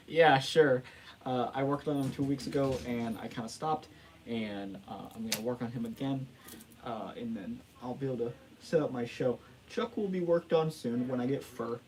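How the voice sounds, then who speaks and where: A man's voice: medium pitch, moderate pace, a little mellow, slight background noise, low-quality recording. A man hosting a casual livestream, rambling and joking at his own expense, laughing and restarting often. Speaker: livestream host.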